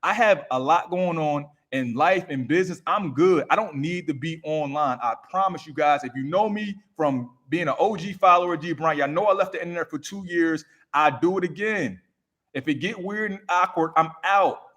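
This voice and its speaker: A man's voice: fairly high pitch, normal speed, a bit bright. Emphatic man coaching on a live stream. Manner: emphatic, repetitive, preachy motivational. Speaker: raw vegan coach. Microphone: microphone.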